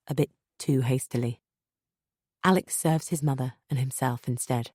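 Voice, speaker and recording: A woman with a low, grounded voice reads a first-person audiobook in a measured, steady way. Recorded close and dry, with no room sound, she sometimes sinks to a hushed near-whisper. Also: husky, dry recording. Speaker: audiobook narrator.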